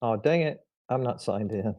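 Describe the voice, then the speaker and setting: A man playing in a tabletop game, casual and relaxed in his replies. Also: fairly low pitch, normal speed, dull audio. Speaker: player. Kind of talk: casual chat.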